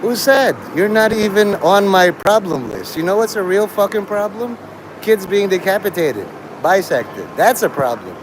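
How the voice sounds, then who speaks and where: A man's voice: high-pitched, expressive, moderate pace, background noise. A man hosting a livestream, talking to his chat in a crude, rambling way and laughing at his own jokes. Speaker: livestream host.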